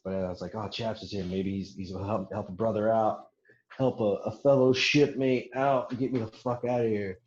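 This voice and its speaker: A young man recounts a long war story in casual podcast chat, a little fast and on the low side, swearing often and laughing as he acts out others' lines in animated bursts. The recording is roomy and lo-fi, with slight background noise.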